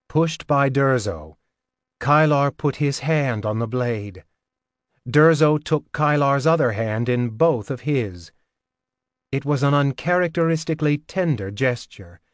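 Slow, measured male audiobook narrator. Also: medium pitch, dry recording. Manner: measured, steady reading. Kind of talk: scripted narration.

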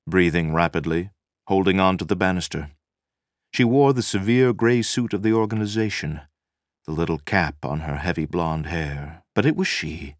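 A man reading a novel aloud as narrator, measured and dramatic. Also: sits low, no room sound, studio quality. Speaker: audiobook narrator. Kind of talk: scripted narration.

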